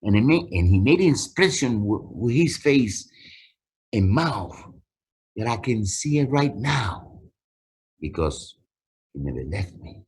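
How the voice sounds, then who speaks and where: Lively man telling his story. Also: on the low side, measured pace, long pauses. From Puerto Rico. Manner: emotional storyteller, repeats phrases for emphasis. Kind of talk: personal testimony on a webinar. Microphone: video call.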